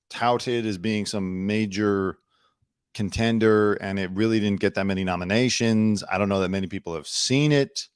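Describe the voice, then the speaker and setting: A man's voice: on the low side, a little mellow, smooth, no echo, studio quality. A young man hosting his own news commentary show from home, chatty and sarcastic, talking into a computer mic. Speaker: host.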